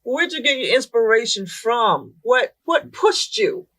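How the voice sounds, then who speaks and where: A woman's voice: a little high, very animated, measured pace, a bit bright. A woman hosting an interview podcast who asks questions in a casual way and keeps encouraging her guest with short affirmations. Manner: encouraging, many backchannel affirmations. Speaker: podcast host.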